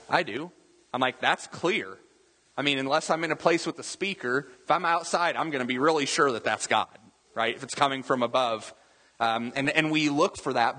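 A man preaching to his congregation in a bright, slightly husky voice. His sermon feels conversational, with rhetorical questions and asides. A long reverb trails his words through the hall. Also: mid-range voice. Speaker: pastor.

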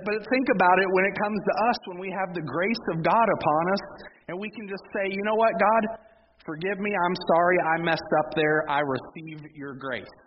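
A man in his thirties preaching a sermon with a slightly higher pitch than most men, talking to the congregation in a conversational, folksy way. The recording is dull and lo-fi, and a long reverb trails off in the big hall. A faint noise sits underneath. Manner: conversational, folksy preaching with asides and small laughs. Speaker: pastor.

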